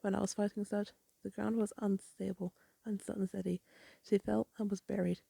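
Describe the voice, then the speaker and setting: A woman voicing an earnest young hero, read almost plainly from the comic. The voice is dark-toned and gravelly, recorded dry. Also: medium pitch, little pitch movement, normal speed, no echo. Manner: read aloud from comic panels.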